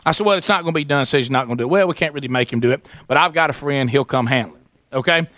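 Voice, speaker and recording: A man telling a long animated story on a radio show, acting out the voices of the people in it. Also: medium pitch, very fast, no room sound, clean studio sound.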